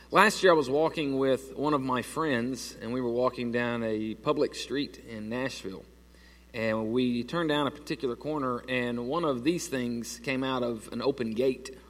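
A man's voice: mid-range voice, a bit bright, long reverb tail. A man preaching a sermon to his church, telling a story casually with lots of restarts and fillers. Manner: conversational storytelling with many restarts. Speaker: pastor. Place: church sanctuary.

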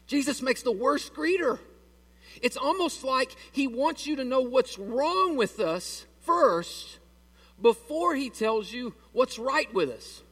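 Man, pastor preaching, high voice, folksy and joking, a bit far from the mic. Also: animated, measured pace, fairly bright tone. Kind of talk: sermon. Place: church sanctuary.

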